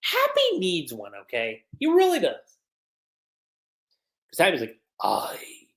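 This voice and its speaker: A woman's voice: on the low side, wildly swooping pitch, measured pace. A woman giving a casual, slangy livestream review that recaps an anime episode, with plenty of "like"s. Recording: roomy echo.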